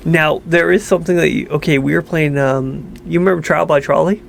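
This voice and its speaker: A man's voice: a little high, fairly even intonation, a little fast, creaky, a little hiss or hum. A man co-hosting a podcast, telling stories in casual chat, teasing and laughing often. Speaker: podcast co-host.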